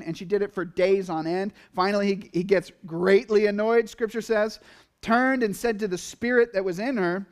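A man preaching a sermon to his congregation in a conversational, animated way, acting out little asides and quoted reactions. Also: sits high, normal speed. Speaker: pastor.

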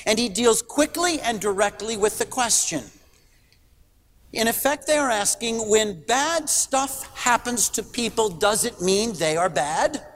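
A man's voice: high-pitched, expressive, unhurried, a bit bright, big-room sound, faint music behind. A middle-aged man preaching a sermon in a church, earnest and emphatic, posing rhetorical questions. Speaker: pastor.

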